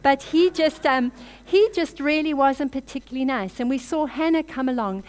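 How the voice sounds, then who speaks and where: A woman preaching a sermon, telling scripture stories in an animated way and making chatty asides. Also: high-pitched, moderate pace. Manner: animated storytelling, acts out voices in the stories.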